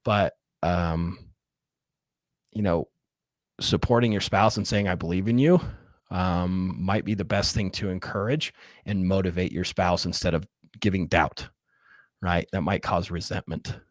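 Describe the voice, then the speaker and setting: A man's voice: sits low, unhurried, dry recording, studio quality. A man, a real estate investor and coach, telling his story earnestly and candidly in a podcast interview, openly emotional.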